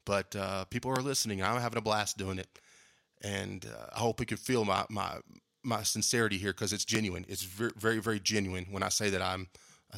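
A man talks casually and earnestly to his podcast listeners, wandering from thought to thought. His voice is bright and forceful, and the recording is dry and close, with almost no room sound. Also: lowish voice, no room sound. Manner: rambling, earnest, says "man" often. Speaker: podcast host. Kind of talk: casual year-end thank-you monologue.

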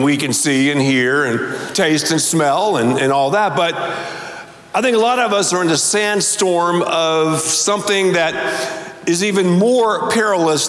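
A man pastor preaching a sermon to a large congregation, telling a story with deliberate emphasis. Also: high voice, a bit bright. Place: large church auditorium. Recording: echoey large hall.

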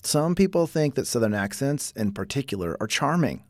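A man's voice: medium pitch, sing-song, moderate pace, dry recording, clean studio sound. A man hosting a casual explanatory talk, chatty, reading quotes aloud and breaking off for his own asides. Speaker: podcast host.

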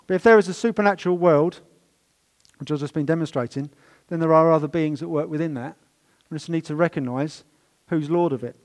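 A man preaching a sermon in a church, telling stories and stressing words with swings in loudness. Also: on the high side, fairly quick. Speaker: pastor.

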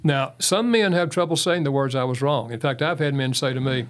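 A man's voice: a little high, brisk. A man talking as a guest in an interview, giving advice on marriage with folksy stories and frequent chuckles. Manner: folksy storyteller who chuckles often. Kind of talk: interview talk with anecdotes.

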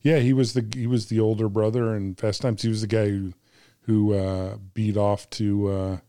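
A man in a casual podcast chat, relaxed, asking questions and chiming in briefly. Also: on the low side, moderate pace, clean tone.

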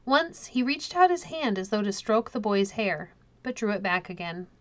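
A woman narrating a classic children's novel in a calm, measured reading. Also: mid-range voice, highs cut off. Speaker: audiobook narrator. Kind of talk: storybook narration.

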